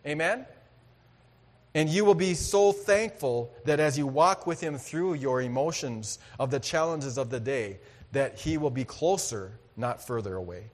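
A high-pitched man delivers a sermon in an earnest, conversational style that now and then swells into loud emphasis. His voice rings with a long reverb, as in a large hall. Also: a little slow. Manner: earnest, conversational preaching with sudden loud bursts. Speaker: pastor.

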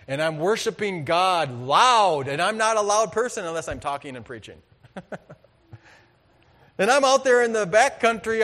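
A high-pitched man delivers a sermon in an earnest, conversational style that now and then swells into loud emphasis. His voice rings with a long reverb, as in a large hall. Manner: earnest, conversational preaching with sudden loud bursts. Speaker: pastor.

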